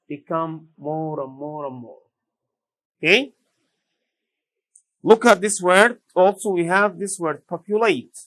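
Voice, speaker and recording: Slow, deliberate man teaching English. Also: fairly high pitch, fairly bright tone, rough recording. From Sudan. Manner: repeats each word slowly and deliberately. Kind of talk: slow classroom vocabulary lesson.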